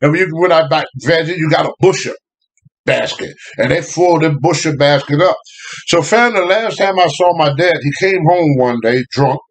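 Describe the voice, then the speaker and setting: An older man with a drawl tells a tale from his childhood. His voice sits a bit high for a man, and he talks in animated bursts. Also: a little fast. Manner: animated, laughing, rising to shouts at the climax. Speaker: storyteller guest. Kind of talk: casual storytelling.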